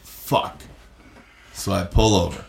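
A man telling a long story in casual podcast chat, acting out his own shouted lines and others' quotes. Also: mid-range voice, lively intonation, moderate pace, reverberant. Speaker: podcast guest.

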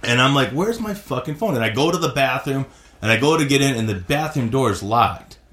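A man telling a long story in casual podcast chat, acting out his own shouted lines and others' quotes. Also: mid-range voice, fairly quick, reverberant. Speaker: podcast guest.

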